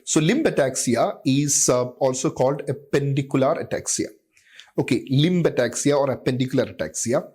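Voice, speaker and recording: A man's voice: mid-range voice, darkish tone. A man giving a clinical medicine lecture. He often says "okay" and "uh" and repeats key terms to drive them home.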